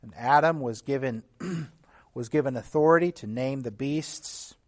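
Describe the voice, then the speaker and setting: A man preaching a sermon as a pastor, teaching in an earnest tone, with restarts and occasional throat clearing. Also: mid-range voice, unhurried, a little mellow.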